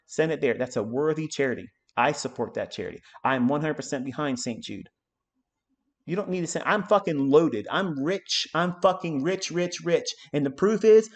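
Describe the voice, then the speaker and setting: A middle-aged man giving live trading commentary on a stream, ranting hard and swearing often as he talks. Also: a little high. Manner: profane, ranting, emphatic. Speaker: trading mentor.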